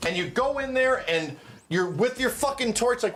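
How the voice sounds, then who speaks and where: A man hosting a stream, swearing and telling an animated, excitable story in casual chat. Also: sits high, brisk. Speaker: streamer host.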